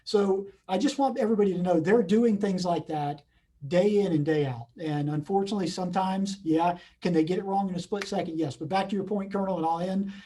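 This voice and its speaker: A middle-aged man speaking on a video call from his office, his voice pitched fairly high yet warm and mellow. He tells a story earnestly, stumbling and restarting often, with a husky edge to his tone. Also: a little fast. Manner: earnest, many restarts and repeats. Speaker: police chief, guest speaker. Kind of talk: unscripted storytelling at a community meeting.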